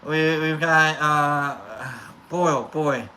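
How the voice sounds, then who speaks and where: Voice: mid-range voice, fairly even intonation, slow, pushed and bright, a little hiss or hum. A live-stream host chatting loosely with viewers, rambling with many restarts and fillers.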